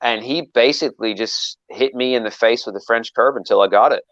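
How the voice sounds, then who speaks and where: A man's voice: medium pitch, fairly quick, no echo, muffled recording. A man telling a long story in casual chat, rambling with frequent restarts and acting out quoted lines. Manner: rambling with many restarts, animated quoting. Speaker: knifemaker guest.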